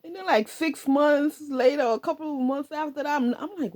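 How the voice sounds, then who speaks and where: A woman's voice: high-pitched, normal speed. A middle-aged woman casually telling a personal story, laughing often and acting out her own past lines. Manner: animated, laughing often, quoting herself.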